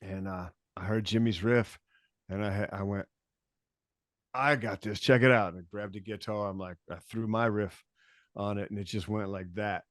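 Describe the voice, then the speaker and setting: Low-pitched laid-back male guest, rambling musician stories, dry close sound. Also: flat delivery, normal speed, no room sound. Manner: laid-back storytelling, frequent restarts and swearing. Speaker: podcast guest, touring musician. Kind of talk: casual interview chat.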